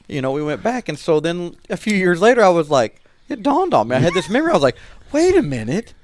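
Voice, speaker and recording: A man co-hosting a podcast, telling a rambling story with halting restarts in casual chat. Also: sits high, very animated, slight background noise. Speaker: podcast co-host.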